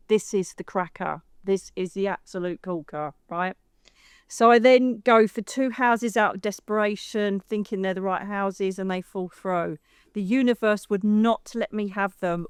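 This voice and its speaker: A middle-aged English woman, a psychic medium guest, telling a personal story in a lively way and acting out the voices she quotes. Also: medium pitch, clear, resonant tone, no echo, studio quality. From United Kingdom. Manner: lively, acts out quoted voices, says "darling".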